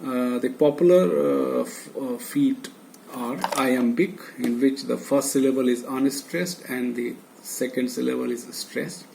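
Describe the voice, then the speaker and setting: Speaking at a measured pace in a steady, creaky, slightly mellow mid-range voice, a man with an Indian English accent delivers a slow recorded university lecture. He hesitates, fills gaps with lots of filler sounds, and names terms one after another. The audio is poor, with faint background noise.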